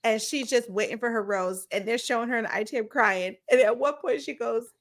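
A young woman co-hosting a podcast, recapping a TV show in animated, slangy, gossipy chat. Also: on the high side, a little fast. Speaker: podcast co-host. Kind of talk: casual chat.

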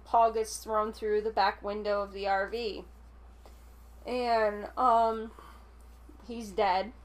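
A woman's voice: on the high side, a bit bright. A woman co-hosting a podcast, retelling a horror film plot in a rambling way with lots of fillers. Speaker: podcast co-host. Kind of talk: casual chat recapping a film.

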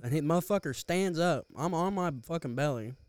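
A man's voice: fairly high pitch, animated, fairly quick, smooth, dry recording. A young man casually telling a profane story on a podcast, laughing often, close to the mic. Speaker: podcast co-host.

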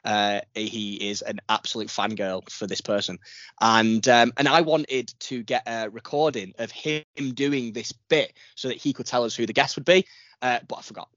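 Rambling, jokey podcast host. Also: male voice, mid-range voice, steady tone, moderate pace, a bit bright, dry recording, lo-fi sound. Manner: rambling, jokey, self-deprecating. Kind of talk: casual podcast chat.

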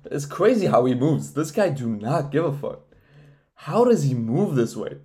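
A young man talking on his own podcast in a loose, rambling way, with plenty of swearing. His voice sits at an ordinary middle pitch, and he laughs often and gets louder and more animated as he riles himself up. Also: moderate pace. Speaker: podcast host. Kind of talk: casual solo podcast rant.

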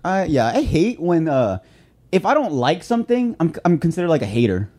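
A young man on a podcast, ranting at a quick clip. His voice rides fairly high with lively ups and downs. He rambles, restarts and fills every gap with "like". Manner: rambling with many likes and restarts. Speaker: podcast co-host. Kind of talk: casual chat, ranting.

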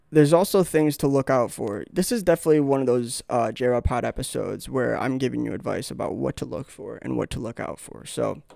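A young man hosts his own podcast, rambling through profane stories and acting out what people said. His voice has a gravelly edge. It sounds dry and close, with no room in it. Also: medium pitch, a little mellow, dry recording. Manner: rambling, profane storytelling with acted-out quotes. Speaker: podcast host. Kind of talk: casual solo podcast monologue.

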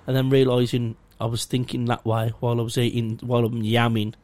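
A man's voice: medium pitch, completely flat delivery, brisk, darkish tone, no echo. A young man, rambling through a sweary, self-mocking story in casual chat. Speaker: podcast co-host.

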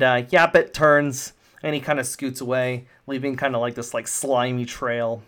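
A man's voice: mid-range voice, fairly even intonation, normal speed, few pauses, fairly bright tone. Male game master, casual, rambling, lots of ums. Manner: casual, rambling with many fillers. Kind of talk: narrating a tabletop game.

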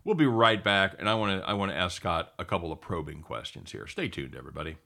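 A middle-aged man hosting a sports talk show, excitable and chatty, often calling his co-host by name. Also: sits low, fast talker, creaky.

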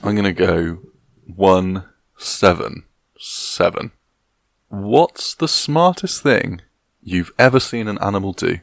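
Deep gravelly young man. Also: dry recording. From England. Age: 20s. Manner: dry, joking, slow and rambling. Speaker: podcast co-host. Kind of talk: casual chat.

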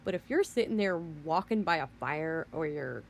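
A woman's voice: low-pitched, animated, moderate pace, gravelly, a little hiss or hum. A woman vlogger delivering a rant, emphatic and rambling, who keeps repeating herself. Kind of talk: ranting monologue.

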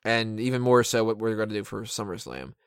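A man's voice: on the low side, animated, fairly quick, smooth, no echo. Opinionated man reviewing wrestling, dry sound. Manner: opinionated, sarcastic, swears freely. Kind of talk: casual commentary.

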